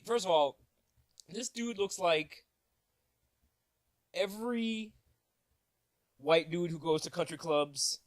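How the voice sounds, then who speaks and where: A man's voice: medium pitch, dry recording. Joking young man, dry close sound. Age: 20s. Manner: animated, joking, laughing at his own asides. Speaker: vlogger. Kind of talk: casual storytelling vlog.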